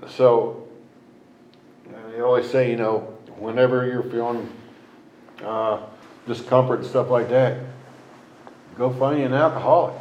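A man sharing his personal recovery story at a meeting, rambling and halting, with many restarts and fillers. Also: medium pitch, fairly even intonation, darkish tone, echoey room, lo-fi sound, slight background noise. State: emotional at times. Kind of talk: personal testimony.

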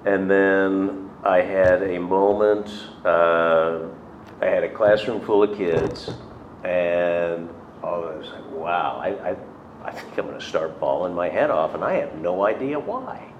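In a roomy, dull lo-fi recording with faint noise, a middle-aged man talks slowly in a deep voice. He's a recovery speaker sharing his story in a chatty, self-mocking way, performing the voices of people he quotes.

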